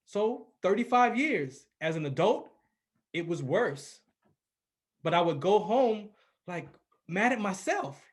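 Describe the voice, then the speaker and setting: A man in his forties from California talks in a high, light voice as a podcast guest. He speaks earnestly and with emphasis and tells his story in a relaxed, conversational way. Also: takes it slowly. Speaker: radio personality, podcast guest. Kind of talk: casual conversation, personal storytelling.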